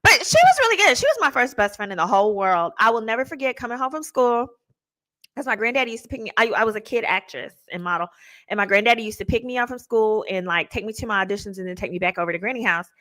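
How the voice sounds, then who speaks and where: A woman attorney hosting a show, telling stories in a casual, slangy, animated way with laughing asides. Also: fairly high pitch, fast. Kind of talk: casual storytelling chat.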